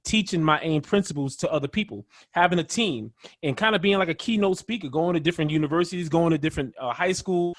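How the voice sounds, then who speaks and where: A man as an interview guest, telling stories in an animated, upbeat way. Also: on the high side, fast talker, hardly any pauses, no room sound, studio quality. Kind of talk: casual interview chat.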